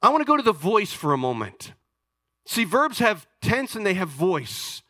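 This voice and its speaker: A man preaching a sermon as pastor, explaining patiently and swinging between loud emphasis and hushed, low asides. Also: big pitch swings, moderate pace, no room sound, studio quality.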